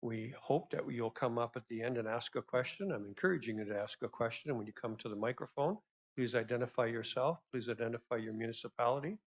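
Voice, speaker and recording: A man of middle pitch moderates a convention session. He is courteous and chatty, and he repeats his requests to the room. The recording sounds dull and lo-fi. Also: quick pace. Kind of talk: formal welcome and announcements.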